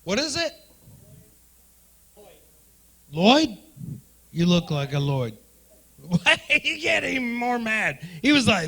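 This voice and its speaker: A man doing profane stand-up comedy in a club, riffing loudly with the crowd. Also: high-pitched, very animated, takes it slowly, long pauses. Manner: loud, profane, riffing with the audience. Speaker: stand-up comedian hosting the night.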